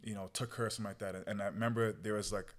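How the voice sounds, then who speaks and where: A young man tells a personal story as a podcast guest in loose, casual speech. His voice sits low, and his words tumble out fast. He leans on "bro" and "yo" and replays what he said back then. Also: steady tone. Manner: slangy, peppered with "bro" and "yo"; relives moments through quoted self-talk.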